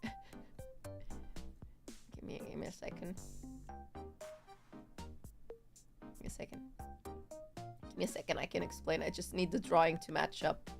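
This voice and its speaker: A woman's voice: sits low, flat delivery, brisk, creaky, pauses often, over music. A woman streamer chatting casually on a live stream, rambling in a giggly, playful way. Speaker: VTuber streamer.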